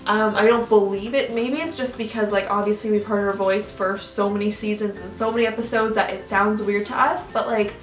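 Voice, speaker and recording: A woman's voice: mid-range voice, fairly even intonation, brisk, few pauses, recorded from a distance. A young woman YouTuber rambling through a casual reaction rant, full of "like" and restarts. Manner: rambling, filler-heavy, lots of "like". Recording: echoey room, off-mic, faint music.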